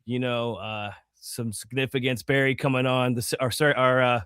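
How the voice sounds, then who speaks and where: A man's voice: medium pitch, steady tone, normal speed, fairly bright tone, smooth, no room sound, clean studio sound. A man co-hosting a podcast in casual chat, easygoing, loose and swearing freely. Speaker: podcast co-host.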